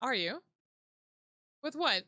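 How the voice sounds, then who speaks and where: A woman's voice: fairly high pitch, big pitch swings, takes it slowly, sharp tone, no room sound, clean studio sound, full character voice. A woman voicing an earnest, flustered young male lawyer who speaks politely and anxiously. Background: background music.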